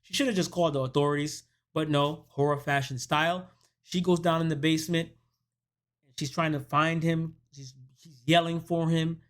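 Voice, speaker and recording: A fairly high-pitched male voice at an ordinary pace belongs to a film reviewer giving an easygoing summary of a horror movie. As he narrates energetically, he dramatizes what the characters say.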